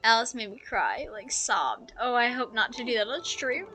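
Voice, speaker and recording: A woman streaming a video game live, chatting casually in a soft, emotional way with many fillers. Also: on the high side, sing-song, moderate pace, soft background music. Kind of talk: casual live gameplay commentary.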